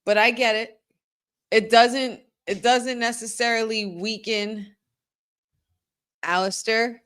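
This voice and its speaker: A woman hosting a live watch-along stream, reacting excitedly to the action and talking to her viewers. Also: fairly high pitch, takes it slowly, clear, resonant tone.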